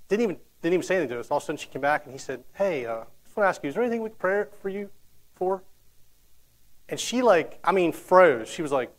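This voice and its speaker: A man's voice: a little high, poor audio. A man in his thirties giving a casual, conversational sermon, telling stories with frequent restarts and fillers. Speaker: preacher.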